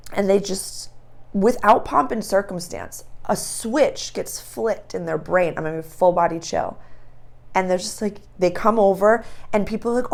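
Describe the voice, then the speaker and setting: A woman hosting an astrology channel, talking in a casual, animated spiritual monologue and acting out little scenes. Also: mid-range voice, moderate pace. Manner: animated storytelling, acts out voices.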